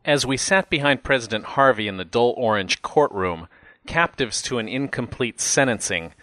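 A man's voice: on the low side, a bit bright, dry recording. A man reading a first-person memoir aloud with a wry, reflective manner. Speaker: narrator. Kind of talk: first-person audiobook narration.

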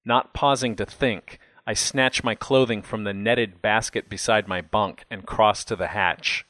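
A man narrates a first-person story in a low, steady voice. His delivery is measured and intimate. The sound is dry and close, with no room around it. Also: no echo. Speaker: audiobook narrator.

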